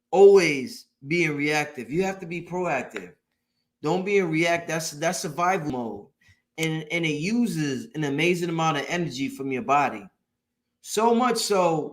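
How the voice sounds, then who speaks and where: A man hosting a late-night online show, giving an emphatic, preachy motivational talk that repeats points and swears casually. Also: sits high. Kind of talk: motivational live-stream talk.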